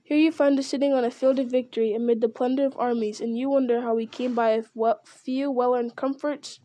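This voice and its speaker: Brief: offhand, witty young hobbit, voiced by a woman reader, quick and mellow. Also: a little high, fairly even intonation, close to an everyday voice. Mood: cheeky. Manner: cheeky, offhand.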